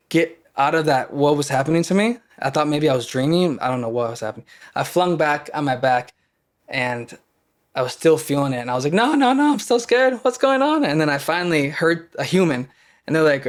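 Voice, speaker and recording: A young man from Wisconsin, an actor and podcast guest, telling personal stories in loose, rambling casual talk and acting out his own past panic in quoted lines. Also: on the high side. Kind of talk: casual storytelling conversation.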